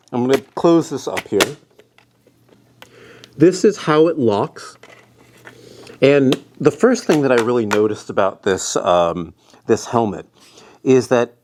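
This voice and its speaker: A man's voice: on the low side, a little mellow. A man casually reviewing a helmet he is wearing, loose and rambling, chewing gum with his face squeezed. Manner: rambling, loose and chatty with fillers. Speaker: product reviewer. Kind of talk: casual product review vlog. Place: indoors, cold day with rain outside.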